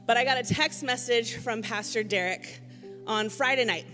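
A woman's voice: on the high side, moderate pace, bright, forceful tone, big-room sound, faint music behind. A woman giving a casual church sermon from the stage, telling chatty, self-deprecating stories with many fillers. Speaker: guest speaker filling in for the pastor.

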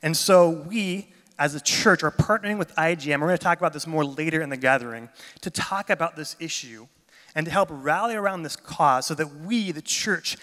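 Bright-voiced man preaching in a hall. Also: fairly high pitch. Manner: chatty, enthusiastic storytelling. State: jet lagged. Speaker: pastor. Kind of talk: casual sermon talk. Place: church gathering. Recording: long reverb of a large hall.

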